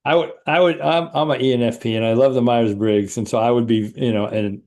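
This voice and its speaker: A middle-aged man hosting an interview, friendly and affirming, a coach who gets animated retelling stories. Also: medium pitch, brisk. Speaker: podcast host and coach. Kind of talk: casual interview talk.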